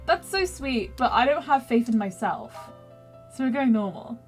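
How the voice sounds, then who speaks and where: A young woman streamer with a slightly high, animated voice chats casually at normal speed while playing a story game, reading its text aloud, giggling often and teasing herself. Soft music plays in the background.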